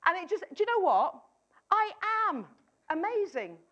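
High-voiced woman preaching emphatically. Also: sing-song, normal speed, a bit bright, lo-fi sound. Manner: emphatic, repeats key phrases, acts out doubters' lines. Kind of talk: sermon.

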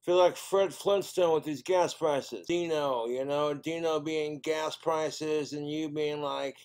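A man's voice: on the high side, steady tone, slow, a little mellow, clear, resonant tone. A man doing stand-up comedy, rambling through crude jokes in a casual, off-the-cuff way.

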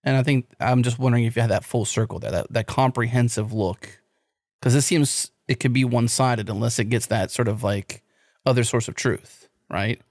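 A man's voice: mid-range voice, fairly even intonation, moderate pace, a little mellow, no echo, clean studio sound. A man hosting a podcast in casual tech chat, rambling and playful as he tells stories. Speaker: podcast host.

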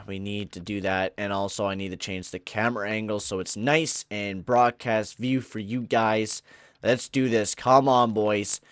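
Excitable young-sounding gaming commentator guy. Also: mid-range voice, no echo, clean studio sound. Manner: excitable, swings from mumbling to shouting. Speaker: gaming YouTuber. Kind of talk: game commentary. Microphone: close headset or desk mic with pop filter.

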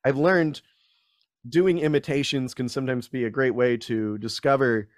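A man, a guest actor, chatting casually in an interview and acting out quotes with lively voices. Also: medium pitch, moderate pace, dry recording, studio quality. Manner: animated storyteller, acts out quotes in voices.

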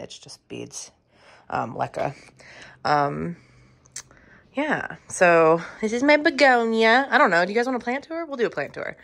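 Give me a chatty woman in her thirties with a low-ish voice, casually touring her room with lots of ums. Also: a bit bright. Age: 30s. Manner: chatty and offhand, swearing, many ums. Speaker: streamer giving a room tour. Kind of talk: casual room tour vlog.

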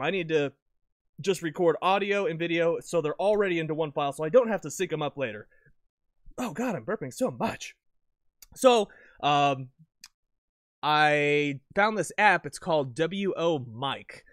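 A man with a fairly high voice talks through his gear in a loose, rambling way, correcting himself often. He breaks into sudden bursts of excitement now and then. He wears a lavalier mic in his room, and the sound is dry with no echo. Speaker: video creator. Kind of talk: casual gear talk to camera.

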